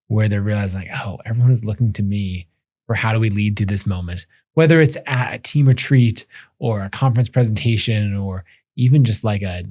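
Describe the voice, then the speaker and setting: A man's voice: medium pitch, darkish tone, no echo, studio quality. A male podcast host asking a loose, rambling question full of fillers. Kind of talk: interview questions.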